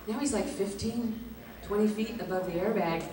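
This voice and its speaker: A woman guest at a convention Q&A, telling a lively anecdote, acting out the quotes and laughing often. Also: mid-range voice, moderate pace. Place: large echoey convention hall. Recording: echoey hall, distant mic, background noise.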